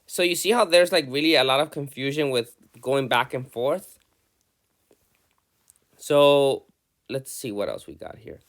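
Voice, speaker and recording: A male teacher works through a student's story, reading passages aloud and breaking off to explain what goes wrong. His pitch sits in an ordinary middle range, and he moves between reading and critique with frequent restarts. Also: unhurried, long pauses, fairly bright tone. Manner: reads student text aloud then comments, with many restarts.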